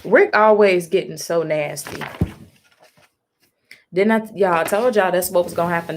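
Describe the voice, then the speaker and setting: A woman reading a comic live on stream, reacting excitedly, swearing and calling out to her viewers. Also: lowish voice, normal speed, long pauses, slight background noise. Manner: excitable, exclaiming, swears freely, talks to viewers as y'all; reads comic dialogue aloud between reactions.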